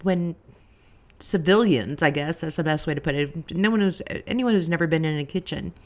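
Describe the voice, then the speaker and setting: A woman's voice: sits low, fairly quick, a little mellow. A woman who works as a chef, co-hosting a podcast in casual, rambling chat with lots of restarts. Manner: rambling, self-deprecating, many restarts.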